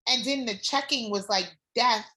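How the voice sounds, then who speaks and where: A woman guest telling her own story in a casual chat, candid and animated, swearing freely. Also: fairly high pitch, moderate pace. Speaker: former doula client, guest.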